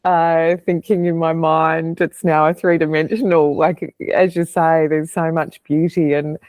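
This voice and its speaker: A woman hosting an interview, speaking in a thoughtful, appreciative way with pauses mid-sentence. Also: low voice, little pitch movement, a little mellow, dry recording. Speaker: podcast host. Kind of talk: reflective interview conversation.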